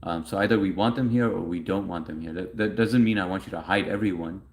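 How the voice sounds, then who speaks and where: A man's voice: low voice, fast, slight background noise. A young man hosting a livestream in a casual, rambling way, reading chat messages aloud and answering them.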